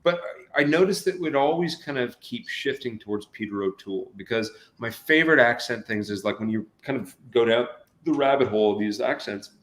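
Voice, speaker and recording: An actor chatting as an interview guest, rambling with many fillers and restarts. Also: male voice, mid-range voice, fairly quick, hardly any pauses, a bit bright, roomy sound. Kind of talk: casual interview chat.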